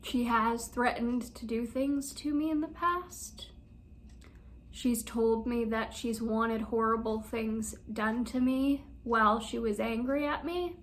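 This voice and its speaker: A young woman talks straight to her viewers in a personal vlog, shaken and close to tears as she speaks quickly. Her voice sits a little high. A faint hiss of background noise runs under the recording. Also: steady tone. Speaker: vlogger.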